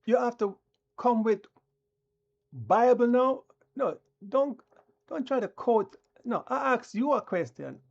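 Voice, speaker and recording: Slow, combative live-stream ranter. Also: medium pitch, lively intonation, gravelly, a little mellow, muffled recording. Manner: combative, preachy, talks down to viewers. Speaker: channel host.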